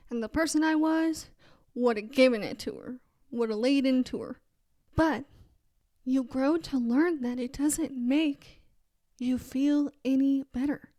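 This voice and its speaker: A woman's voice: fairly high pitch, darkish tone, no echo. A young adult woman hosting a casual faith podcast, telling a story in a chatty way and quoting other voices. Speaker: podcast host.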